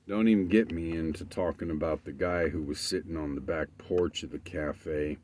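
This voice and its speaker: Brief: low-voiced man, swearing a lot, loose and emphatic storytelling. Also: fairly even intonation, normal speed, hardly any pauses, a little mellow, slight background noise. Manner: profane, emphatic rambling. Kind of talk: casual monologue.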